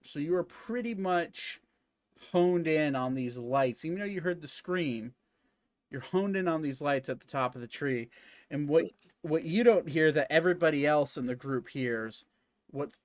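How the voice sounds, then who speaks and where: A man narrating as game master of a tabletop game in a casual, halting way with many fillers. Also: on the high side, no echo.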